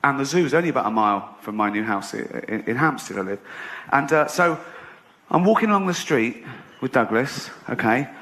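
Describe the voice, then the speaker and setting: A man's voice: mid-range voice, animated, a little fast, fairly bright tone. A middle-aged English man doing stand-up, sardonic and mock-boastful, acting out the people in his story. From England. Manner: sardonic, mock-boastful, acts out quoted voices. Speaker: stand-up comedian. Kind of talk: stand-up routine. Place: comedy stage before a laughing audience. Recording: live stage recording with audience noise. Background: audience laughter.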